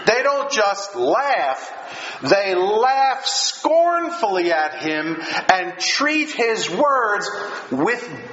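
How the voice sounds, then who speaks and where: A man preaching a sermon in an earnest, emphatic way, repeating phrases and pausing for effect. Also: high voice, sharp tone. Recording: echoey room, dull lo-fi sound with faint hiss.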